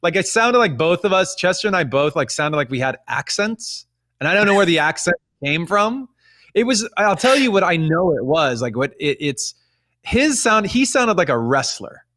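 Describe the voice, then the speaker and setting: A man's voice: sits high, sing-song, normal speed, a bit bright. A man in his forties, a musician guest, chatting casually in an interview and rambling with many restarts.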